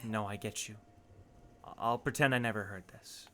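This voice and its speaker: A man's voice: lowish voice, steady tone, moderate pace, sharp tone, faint music behind, pitched below the performer's own voice. A man voicing a curious, determined teenage boy student, reading game dialogue aloud with pointed questions. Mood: probing.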